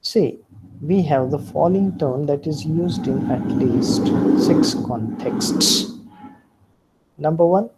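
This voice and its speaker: A man giving a recorded lecture on pronunciation, speaking deliberately, repeating example words and often starting points with "See". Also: on the high side, heavy background noise.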